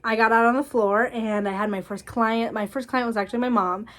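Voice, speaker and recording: A woman's voice: on the high side, fairly quick. Blunt, chatty young woman vlogger. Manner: blunt, animated, laughs often. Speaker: cosmetologist sharing school experiences. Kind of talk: casual storytelling vlog.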